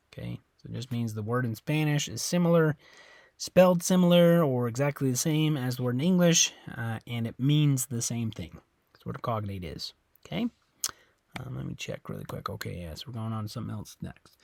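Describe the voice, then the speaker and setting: A man gives an informal Spanish lesson in a recorded classroom, repeating words, correcting himself, and ending phrases with "okay?" His mid-range voice has vocal fry and a moderate pace, captured with clean studio sound and no room sound.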